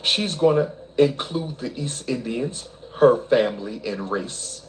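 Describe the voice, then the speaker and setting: A man giving casual commentary in an animated, repetitive, rhetorical way. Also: mid-range voice, measured pace, a little hiss or hum, low-quality recording.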